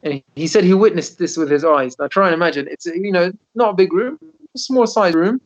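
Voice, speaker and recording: A man, a rabbi, telling stories in a Torah class over a video call, animated and often repeating his words. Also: high voice, brisk. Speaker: rabbi teaching a Torah lesson. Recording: dull lo-fi video call audio.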